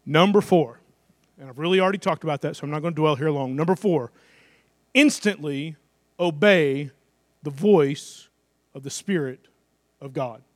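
A middle-aged pastor delivers his sermon in a notably high, light voice, keeping it chatty and direct. He fires off rhetorical questions and slips into quick acted-out asides. The sound is close and dry, with no room around it. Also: no echo.

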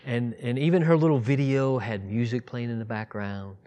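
A man's voice: mid-range voice, steady tone, moderate pace, warm tone. A man in his fifties giving an informal sermon, conversational and digressive, now and then rising to emphatic outbursts. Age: 50s. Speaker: preacher.

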